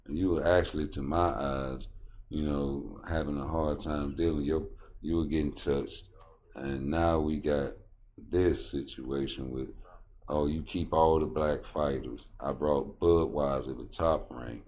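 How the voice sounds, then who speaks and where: A man rants about boxing in a rambling, blunt, profane style. His voice is very low and heavy. He talks casually, as if speaking straight to his viewers. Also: fairly even intonation, unhurried, darkish tone, a little hiss or hum. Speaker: boxing commentator. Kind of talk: casual commentary rant.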